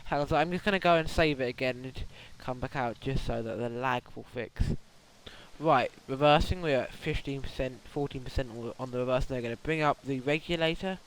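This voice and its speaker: A man chatting excitably while playing a train simulator, often stumbling over his words. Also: medium pitch, fairly quick, rough recording. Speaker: game player. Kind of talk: casual gameplay chat. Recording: faint background noise.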